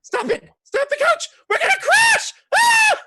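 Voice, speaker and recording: A man doing a prim, shrill nun. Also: animated, quick pace, gravelly, sharp tone, slight background noise, full character voice. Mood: panicked. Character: prim, stern nun, easily alarmed.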